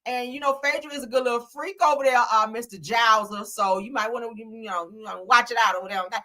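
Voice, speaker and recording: A fairly high-pitched woman reads celebrity gossip fast on her livestream, keeping a steady, sharp tone. She chats sassily with viewers and laughs frequently.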